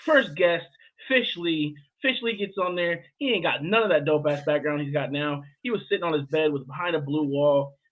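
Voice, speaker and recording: A man's voice: fairly high pitch, moderate pace, lo-fi sound. A man hosting a livestream show, hyping up guests and telling stories in playful slangy casual chat.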